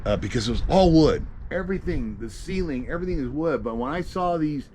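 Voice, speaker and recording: A man's voice: a little high, expressive, a little fast, warm tone. A middle-aged American man, a solo gigging musician, showing his gear in a casual, rambling vlog full of fillers and the odd swear word. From USA. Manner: rambling, swears freely, many fillers and restarts. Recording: noisy home video recording.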